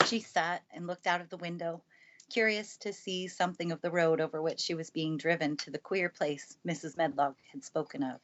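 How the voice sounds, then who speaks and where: A woman calmly reading a classic storybook aloud in a steady storytelling manner, recorded in a family room by the fire. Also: on the low side, moderate pace, dull audio, slight background noise. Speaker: narrator. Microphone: good studio mic.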